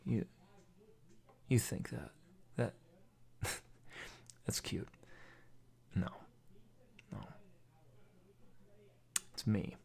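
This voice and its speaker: A man putting on a hushed, taunting bully. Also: on the low side, animated, a little slow, vocal fry, pauses often, breathy edge, full character voice. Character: menacing male bully taunting in hushed tones.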